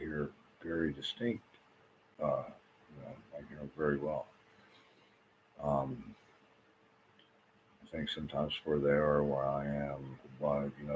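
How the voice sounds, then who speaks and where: A man's voice: rumbling low, a little hiss or hum, poor audio. A man talking straight to his audience in a restless, rambling monologue, repeating himself and swearing often. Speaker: vlogger. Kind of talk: rambling agitated monologue to camera.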